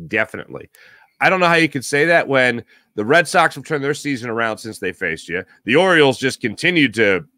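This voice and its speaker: A man hosting a live morning sports talk show, giving opinionated, rambling takes with sudden animated bursts. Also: mid-range voice, dry recording, clean studio sound. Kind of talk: solo sports radio monologue.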